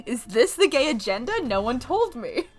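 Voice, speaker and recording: A young woman streaming a game with a lingering cough, commenting casually, giggling and swearing freely. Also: sits high. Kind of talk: casual let's-play commentary.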